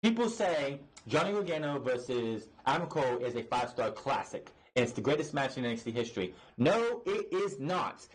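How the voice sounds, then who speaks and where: Speaking fairly quickly with hardly any pauses, this man has a mid-range, animated voice with a breathy edge, captured on a low-quality recording. He hosts a wrestling review podcast and rants profanely and in exasperation, full of restarts and fillers.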